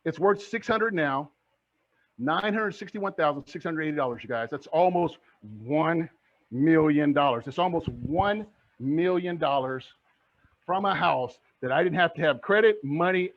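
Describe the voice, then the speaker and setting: A middle-aged man teaching to camera as a coach, energetic and rallying, firing questions at his audience. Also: a little high, moderate pace. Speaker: real estate coach. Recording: dull lo-fi recording.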